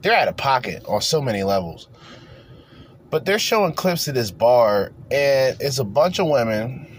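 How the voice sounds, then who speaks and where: A man's voice: medium pitch, sing-song, normal speed, slight background noise. Loose, rambling man co-hosting. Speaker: podcast co-host. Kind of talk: casual chat.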